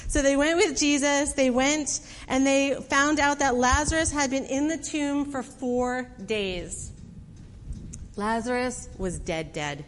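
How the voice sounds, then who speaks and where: A woman's voice: high-pitched, slow, in a large hall, slight background noise. A woman preacher retelling a story in a conversational sermon, with casual fillers and acted quotes. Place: church hall.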